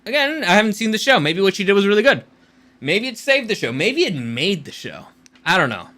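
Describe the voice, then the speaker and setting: A man's voice: high voice, sing-song, brisk, bright, forceful tone. A man hosting a channel and speaking as a screenwriter, giving casual rant-style commentary in a rambling, blunt way with free swearing.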